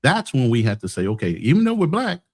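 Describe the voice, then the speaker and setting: A man's voice: mid-range voice, huge pitch swings, fast talker, breathy edge. A man from the United States, hosting a podcast, arguing bluntly with frequent profanity in a heated debate. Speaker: podcast host.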